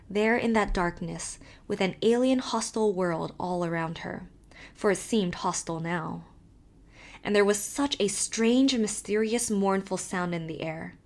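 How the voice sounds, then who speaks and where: Female audiobook narrator, measured and expressive. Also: mid-range voice. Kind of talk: scripted narration.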